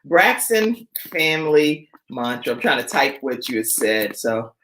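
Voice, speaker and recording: A woman's voice: extremely low pitch, big pitch swings, unhurried, fairly bright tone, slight background noise. A woman hosting a live online show, chatty and upbeat as she reads sponsor messages. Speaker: show host.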